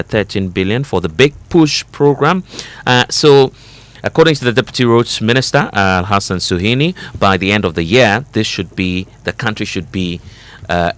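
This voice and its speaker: Deep-voiced man reading headlines. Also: fairly bright tone. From Ghana. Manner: reading headlines with hesitant fillers. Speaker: radio co-host. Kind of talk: radio newspaper review. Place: radio studio.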